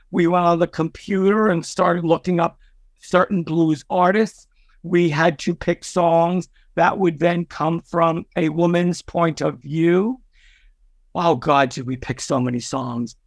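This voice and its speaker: Chatty older New man, higher voice. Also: no room sound, clean studio sound. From Brooklyn, New York. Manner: chatty, warm-hearted, many fillers and restarts. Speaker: podcast guest, record executive. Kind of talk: storytelling interview.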